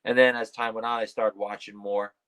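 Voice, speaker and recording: A man guesting on a podcast, telling wrestling stories in a rambling, casual way, full of fillers and the odd swear, and jumping up high when he acts out his own startled replies. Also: flat delivery, fairly quick, a bit bright, clean tone, rough recording.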